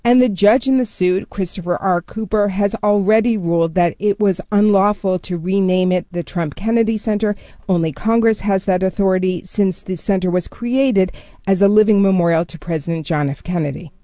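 During a radio news interview, a culture correspondent lays out a story in steady, measured terms. She speaks in a mid-range voice, and there's no room sound.

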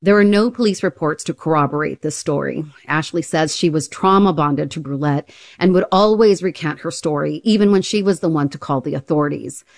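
A woman radio reporter delivering a news story in a clear, even reporting style. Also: deep voice, fairly quick, hardly any pauses, no room sound, clean studio sound.

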